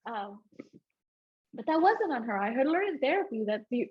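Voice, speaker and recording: A woman's voice: fairly high pitch, very animated, normal speed, slightly rough. A woman giving a personal testimony to a live audience, telling her story conversationally and often checking in with "right?". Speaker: speaker sharing a personal testimony. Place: live event in front of an audience. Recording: dull, lo-fi live event recording.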